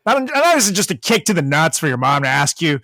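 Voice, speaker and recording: A man's voice: a little high, sing-song, quick pace, sharp tone, no echo, studio quality. A man co-hosting a podcast in casual chat, sweaty after boxing, swearing often and laughing a lot. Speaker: podcast co-host.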